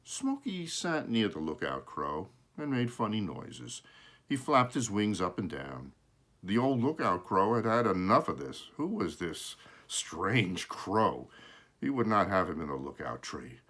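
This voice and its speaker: A man's voice: low-pitched, big pitch swings, unhurried, a bit bright. A man reading a children's book aloud, with casual asides to show the pictures and small self-corrections along the way. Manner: shows pictures while reading.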